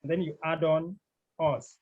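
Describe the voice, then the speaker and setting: A man teaching a Greek class, speaking slowly and deliberately, repeating key words and often clearing his throat. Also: fairly high pitch, fairly even intonation. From Cameroon. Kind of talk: classroom lecture. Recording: dull lo-fi recording.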